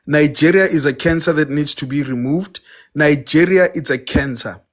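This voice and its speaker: A man's voice: a little high, normal speed. A man making blunt, emphatic points in a heated live audio-room debate, with fillers between them. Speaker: debate participant.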